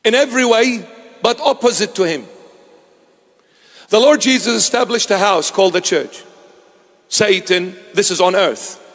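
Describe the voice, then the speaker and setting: A man's voice: high-pitched, measured pace, long pauses, a bit bright, in a large hall. A man preaching a sermon to his congregation in an emphatic, rhetorical style, repeating key phrases.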